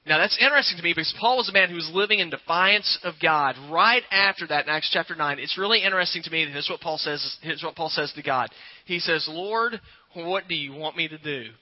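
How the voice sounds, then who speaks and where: Man preaching a sermon, fairly high voice. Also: fast. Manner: conversational preaching, asks the congregation questions. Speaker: pastor. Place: church before a congregation. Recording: dull lo-fi recording.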